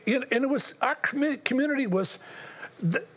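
An older man, a guest in an interview, telling his personal testimony in an earnest, halting way with long pauses. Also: very high-pitched, animated, husky.

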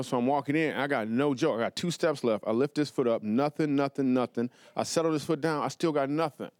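A man's voice: mid-range voice, slight background noise. Playful man telling stand-up stories. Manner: animated, playful, quick asides to the audience. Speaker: stand-up comedian. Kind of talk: stand-up comedy storytelling. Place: television studio before a live audience.

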